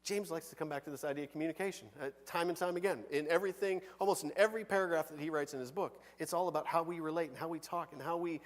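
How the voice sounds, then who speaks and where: A man preaching a sermon from the pulpit, conversational and animated, with big swings between loud and soft. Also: on the high side, very fast, hardly any pauses, big-room sound. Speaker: pastor. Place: church sanctuary.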